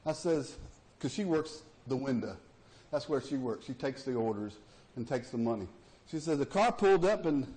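Folksy preacher telling a story. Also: male voice, high voice, darkish tone. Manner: folksy, plainspoken, acts out story voices. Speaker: pastor. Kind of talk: sermon with storytelling.

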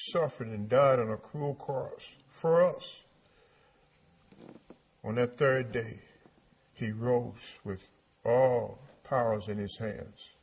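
Guy preaching, husky voice, keeps repeating lines and asking if folks are with him. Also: medium pitch. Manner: repetitive call-and-response preaching with rhetorical questions. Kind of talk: sermon.

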